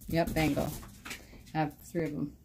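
A woman's voice: low-pitched, little pitch movement, normal speed, gravelly, noisy background. A woman streaming live from home on her phone, chatting in a rambling way with viewers and her cats.

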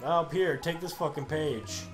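Male streamer, irreverent and foul-mouthed, slightly high voice, faint music behind; casual game commentary. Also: measured pace. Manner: profane, joking, paraphrasing. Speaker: gaming streamer. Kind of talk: casual let's-play commentary.

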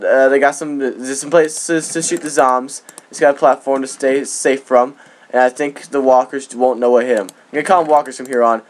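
A man hosting his gaming channel, rambling through casual gameplay commentary with jokey boasts and excited outbursts. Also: medium pitch. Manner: rambling with frequent restarts.

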